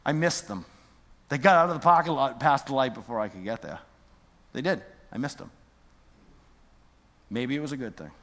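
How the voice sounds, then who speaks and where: A man preaching a storytelling sermon, swinging from quiet asides to near-shouting. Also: medium pitch, lively intonation, moderate pace, long pauses. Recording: echoey large hall.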